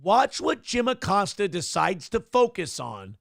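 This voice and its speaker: A man hosting a morning show, ranting with profane sarcasm in a high, gravelly voice. His pitch swings widely as he talks, and the sound is dry and close. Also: sing-song, measured pace, no room sound. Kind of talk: ranting commentary on news clips.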